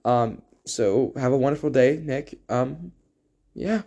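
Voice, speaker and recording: Taking it slowly, a teenage boy with a dark-toned, mid-range male voice offers a casual tribute to a friend, joking and rambling through lots of fillers and asides.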